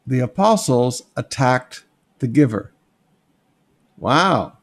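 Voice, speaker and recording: High-sitting and sing-song with a darkish tone, the pastor's unhurried voice carries him verse by verse through a Bible passage. Emphatic yet conversational, he keeps stopping to highlight details for listeners, asking "notice" and "okay?", and sketches on a board along the way.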